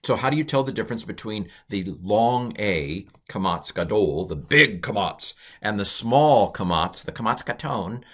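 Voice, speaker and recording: A middle-aged man teaching from slides in a loose, talky way. His voice sits a bit low but leaps high when he stresses a point, and he wanders into side remarks with plenty of ums and uhs. It sounds like a desk microphone recording. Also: expressive, moderate pace, few pauses, fairly bright tone. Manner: chatty and digressive, many uh and um fillers, stress jumps to high notes. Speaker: Hebrew teacher. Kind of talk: casual recorded lecture over slides.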